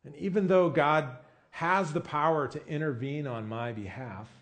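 A man's voice: a little high, moderate pace. A man preaching a sermon in a casual, conversational way, often asking his listeners questions. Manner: casual with frequent "I mean" and "you know". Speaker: pastor.

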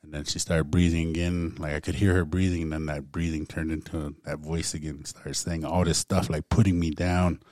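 A man's voice: a bass voice, little pitch movement, brisk, few pauses, darkish tone, dry recording, studio quality. A man casually telling a personal story to a group, laid back and full of "man" and "like". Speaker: guest storyteller.

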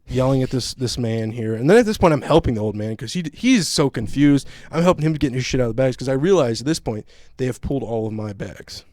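A man's voice: mid-range voice, no echo. Profane ranting man, dry sound. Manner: profane, animated storytelling rant. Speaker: podcast host. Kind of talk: casual chat.

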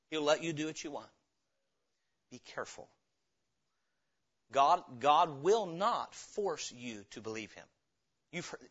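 A man preaching a revival sermon, emphatic, acting out dialogue with sudden swings between loud and hushed. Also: fairly high pitch, muffled recording.

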